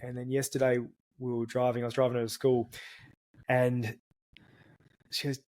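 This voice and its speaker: A man's voice: mid-range voice, flat delivery, moderate pace, darkish tone. A man telling his own story as a podcast guest, earnest and reflective, often restarting his words.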